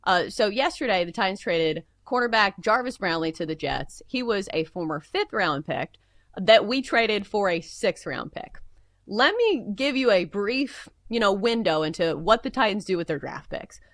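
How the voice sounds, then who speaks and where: A woman's voice: mid-range voice, very animated, moderate pace, dry recording, studio quality. A woman co-hosting a show in casual chat, talking expressively and complaining with humor. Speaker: co-host. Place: studio.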